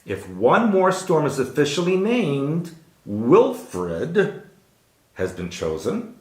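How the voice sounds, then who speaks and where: A man's voice: a little high, huge pitch swings, slow pace, roomy sound. A man hosting a casual news chat show, reading weather stories with jokey asides. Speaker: show host.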